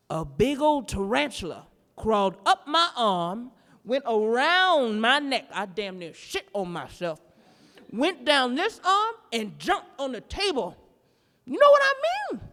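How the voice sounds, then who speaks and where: A woman performing a standup comedy routine live, telling a story in a brash, profane, animated way. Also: on the high side, measured pace, in a large hall. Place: live performance in a gallery space.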